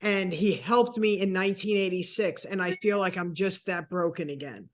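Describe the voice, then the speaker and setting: Animated woman in her sixties telling a story. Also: lowish voice, moderate pace, few pauses. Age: 60s. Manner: animated storyteller acting out dialogue. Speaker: interview guest. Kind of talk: personal storytelling.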